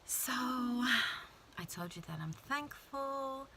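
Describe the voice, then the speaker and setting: A woman giving a casual, heartfelt vlog talk to her viewers, often dropping into soft whispers. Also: high voice, animated, drawn-out words, background noise. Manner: warm, intimate, drifts into soft whispers. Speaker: vlogger. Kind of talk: casual motivational talk to camera.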